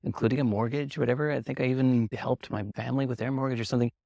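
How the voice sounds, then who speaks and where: A man being interviewed, telling a story in casual talk and acting out the dialogue with lively swings in pitch, laughing now and then. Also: racing, creaky, no echo. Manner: animated, acts out quoted dialogue with lively jumps in pitch. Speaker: interview guest.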